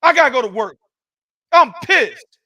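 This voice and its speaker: A man hosting a boxing podcast, giving heated, profane, loud ranting commentary. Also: very high voice, lively intonation, moderate pace.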